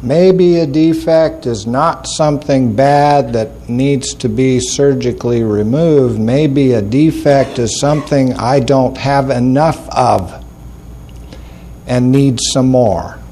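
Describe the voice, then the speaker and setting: A man's voice: mid-range voice, slow, warm tone, a little hiss or hum. A man telling folksy, humorous stories to an audience, mocking himself with a dry wit. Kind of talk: storytelling talk to an audience.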